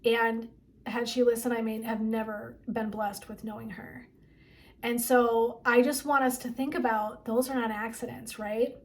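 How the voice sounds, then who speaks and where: A woman's voice: on the high side, level tone, unhurried. A woman wellness coach and therapist giving a motivational talk, chatty and emphatic, often asking "right?". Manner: chatty and emphatic, frequent 'like' and 'right?'.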